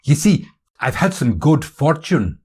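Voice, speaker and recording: A man voicing a friendly, easygoing Scottish man of about thirty in a storybook reading, with a Scottish accent and a slow manner. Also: fairly high pitch, big pitch swings, darkish tone, breathy edge, voice pushed up, heavily acted. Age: 30s.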